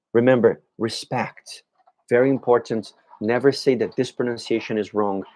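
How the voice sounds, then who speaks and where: A man teaching an English class live, answering viewers' questions by name and sounding words out slowly. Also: medium pitch, darkish tone. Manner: models pronunciation of words slowly. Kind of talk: live-streamed language lesson.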